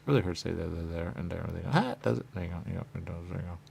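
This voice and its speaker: A very deep-voiced man with a gravelly, fry-filled voice rambles through a radio monologue. He repeats phrases over and over and jumps to sudden loud bursts. A faint hiss sits under his voice. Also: monotone, racing. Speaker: radio host. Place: radio studio.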